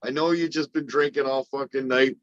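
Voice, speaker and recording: A man telling rough stories in a casual livestream chat, rambling and swearing heavily. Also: medium pitch, steady tone, fairly quick, fairly bright tone, dry recording. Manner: rambling, heavy swearing, blunt storytelling. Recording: dry, slightly dull call audio.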